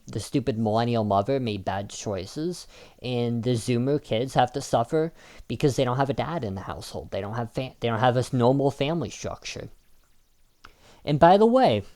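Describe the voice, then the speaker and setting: A video commentator gives a combative, argumentative opinion monologue, often restarting and filling gaps with "um." His voice is mid-range and a little mellow.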